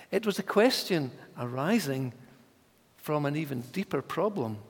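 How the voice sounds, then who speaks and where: Slow, emphatic male preacher in a reverberant church. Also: high voice. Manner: measured, emphatic, dropping to whispers for voiced thoughts. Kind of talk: sermon.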